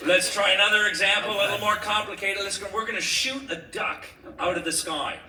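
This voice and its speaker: A man's voice: high voice, brisk, pushed and bright. A man hosting an improvised comedy sound-effects game, bossy, laughing and swearing as he gives orders. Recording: roomy, distant mic, noisy background.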